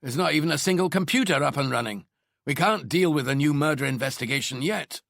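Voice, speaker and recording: A man's voice: on the high side, quick pace, vocal fry, fairly bright tone, no echo, clean studio sound, pitched above the performer's own voice. A man voicing a complaining, disbelieving male detective sergeant. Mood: sceptical.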